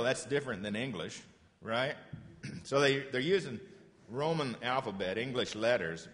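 A man giving a lesson to children in a patient, encouraging way, slowly repeating phrases for them to say back. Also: medium pitch, a bit bright, big-room sound. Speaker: teacher.

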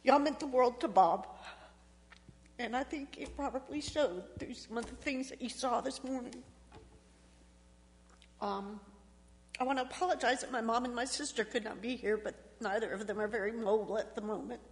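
A middle-aged woman speaks at a memorial in a church, her voice a bit high and pulled tight by emotion as she fights back tears. She talks haltingly, with ums and restarts. The sound carries a long echo from a big hall. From Texas. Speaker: family member giving a eulogy. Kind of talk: memorial speech.

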